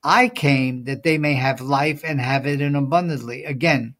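The fairly bright, mid-range voice of a man speaking at normal speed. He's co-hosting a Bible study podcast, musing through the material in a casual manner with many fillers and reading scripture along the way.

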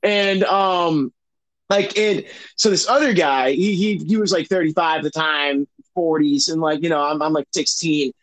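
A young man tells a story in loose conversation. His voice sits high for a man, and he rambles, swears often, and keeps restarting his sentences with fillers. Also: moderate pace, fairly bright tone, rough recording. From Massachusetts. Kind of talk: casual storytelling chat.

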